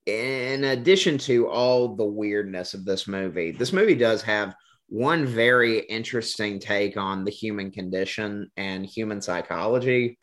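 Male podcast co-host, bright voice, playful banter. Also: fairly low pitch, a little slow. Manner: jokey, animated, does silly voices. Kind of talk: casual movie discussion.

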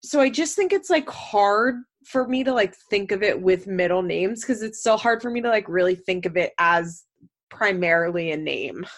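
A woman's voice: mid-range voice, normal speed. A woman chatting casually as a podcast co-host, giggly and full of fillers. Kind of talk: casual chat.

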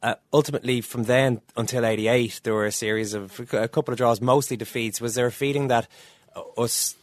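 A man interviewing a guest, feeling his way through halting questions. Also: medium pitch, steady tone, no room sound. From Ireland. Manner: searching, stammering questions.

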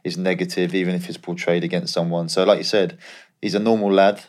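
Male ex-footballer co-host, very low voice, candid storyteller. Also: little pitch movement, brisk, a little mellow. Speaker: podcast co-host, former professional footballer. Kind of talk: casual podcast chat.

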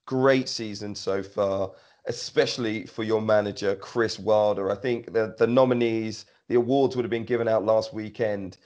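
A man interviewing a footballer, asking questions in a measured, conversational way. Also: on the low side, steady tone, a little mellow, lo-fi sound.

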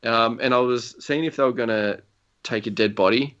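A young man with a medium-pitched, fairly bright voice talks at a moderate pace, casually chatting about a video game. He rambles through stories full of fillers and chuckles. The lo-fi recording sounds slightly dull.

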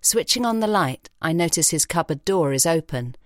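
A woman reading an audiobook story in a measured, expressive way in a recording studio. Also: low voice, dry recording. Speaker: audiobook narrator. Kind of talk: scripted narration. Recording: dry studio sound.

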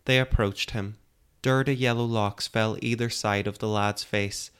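A man narrating a fantasy story in a calm, measured audiobook style. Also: on the low side, clear, resonant tone.

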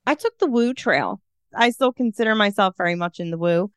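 Woman coach on a podcast, earnest and reflective, smooth clear voice, dry close sound. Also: medium pitch, brisk, dry recording. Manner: earnest, reflective talk about spirituality. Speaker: coach and guest. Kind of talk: casual interview chat.

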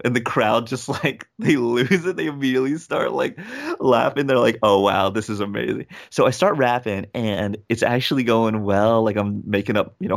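A man's voice: on the low side, creaky. A young man, a rapper, telling a story in a casual interview and acting out the people in it. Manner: animated, acts out quoted voices. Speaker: guest, rapper and speaker.

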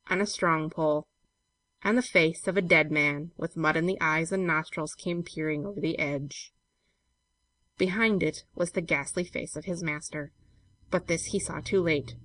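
A woman reading a classic story aloud in a measured, steady way. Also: lowish voice, no room sound. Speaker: narrator.

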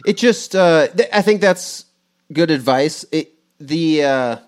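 Rambling man in his forties, smooth voice. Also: on the high side, lively intonation, slow. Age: 40s. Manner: rambling, thinking aloud with many restarts and fillers. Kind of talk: casual conversation.

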